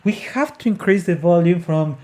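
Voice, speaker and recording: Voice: mid-range voice, expressive, normal speed, a little mellow. An opera singing coach explaining an aria phrase by phrase, speaking carefully, restarting words, and breaking into short sung syllables to show the phrasing. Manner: sings short demonstration syllables between explanations.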